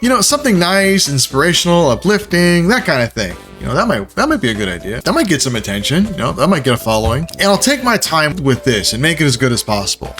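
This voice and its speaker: A man narrating his own video in a casual, self-mocking storytelling voice. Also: medium pitch. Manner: animated and self-mocking, jumps into playful quoted voices. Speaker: video creator.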